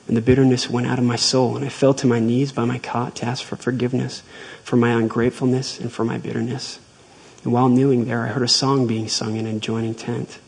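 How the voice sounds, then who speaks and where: A man giving a devotional talk, retelling a personal faith story in a measured, earnest way. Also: mid-range voice, creaky, darkish tone, breathy edge, rough recording.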